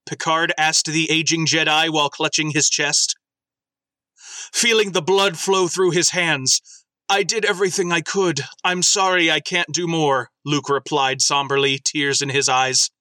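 Bright-voiced man reading comic submissions. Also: on the high side, fairly even intonation, a little slow, dry recording. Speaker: podcast host reading listener submissions. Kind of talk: casual chat and comic dramatic reading.

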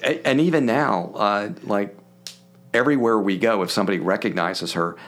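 An older man from Philadelphia, a podcast guest, telling stories in a casual, animated way and acting out the voices of people he quotes. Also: lowish voice, normal speed. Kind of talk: casual storytelling.

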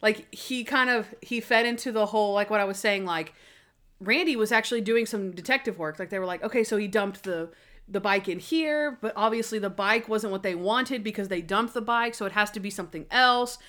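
A woman's voice: medium pitch, fairly quick, fairly bright tone. A woman co-hosting a casual podcast chat about a TV episode, acting out the characters' lines in playful voices. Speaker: podcast co-host.

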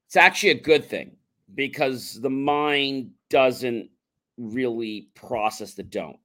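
A man's voice: mid-range voice, expressive, slow, a bit bright. Man coaching with repeated self-talk phrases. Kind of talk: motivational talk-show explanation.

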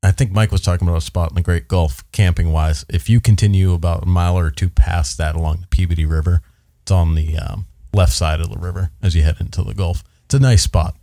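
A man with a very deep, dark voice guests on a hiking podcast and explains trail spots plainly. The sound is dry and close, with faint music underneath. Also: steady tone, fast, vocal fry, hardly any pauses, no echo. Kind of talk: casual chat.

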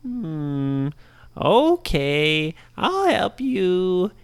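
A woman voicing a small, sensitive male bunny in a bedtime story, in a high, squeaky storybook voice. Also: sing-song, drawn-out words, clear, resonant tone, dry recording, full character voice. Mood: hesitant.

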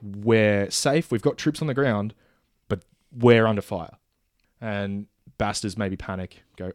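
Low-voiced man pitching a film, rambling. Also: a little slow, no room sound, studio quality. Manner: rambling, many fillers and restarts, acts out characters' lines. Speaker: podcast co-host pitching a film idea. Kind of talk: casual chat.

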